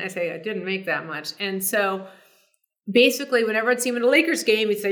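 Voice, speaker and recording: Animated middle-aged woman telling stories. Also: medium pitch, quick pace. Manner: animated, many fillers and restarts. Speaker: sportscaster guest. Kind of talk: casual storytelling interview.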